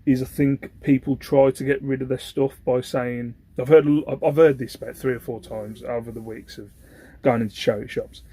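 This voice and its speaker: A man's voice: medium pitch, fairly even intonation, normal speed, dark tone, husky. A young British man, the host, telling a story in a casual, rambling way and often asking if you know what he means. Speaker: host, online reseller.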